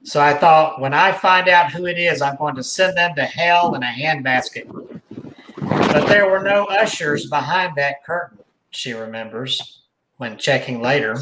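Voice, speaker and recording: A man's voice: a little high, unhurried, noisy background. A man hosting a podcast, reading a news article aloud in a conversational way with his own asides. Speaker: podcast host. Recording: echoey room.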